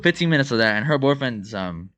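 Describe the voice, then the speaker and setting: A man's voice: mid-range voice, expressive, quick pace, a bit bright. A man co-hosting a podcast, telling a story casually with slang and frequent laughter. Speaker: podcast co-host.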